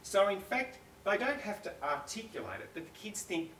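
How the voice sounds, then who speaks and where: A man's voice: high voice, big pitch swings, moderate pace, fairly bright tone, a little hiss or hum. An Australian man speaking as a guest author in a live on-stage conversation, talking enthusiastically, rambling and often breaking off mid-thought. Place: school hall before an audience. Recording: roomy and distant with faint ambience.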